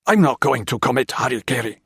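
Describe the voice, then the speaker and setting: A man's voice: fairly high pitch, expressive, normal speed, vocal fry, husky, no echo, studio quality, exaggerated voice. A man reading an audiobook, voicing a cold, contemptuous Japanese army colonel who speaks curtly. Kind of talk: audiobook character voice.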